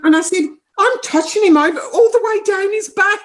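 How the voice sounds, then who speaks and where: A woman's voice: very high-pitched, moderate pace, few pauses. A middle-aged woman, a psychic medium telling funny stories in an interview, often breaking into laughter. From New Zealand. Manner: animated, laughing anecdotes. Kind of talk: casual storytelling interview.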